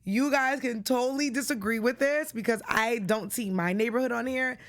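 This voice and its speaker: A young woman from the Boston area with a Boston accent, hosting a solo TV recap show in a chatty, excitable way, full of shout-outs. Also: fairly high pitch, moderate pace. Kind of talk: casual chatty episode recap.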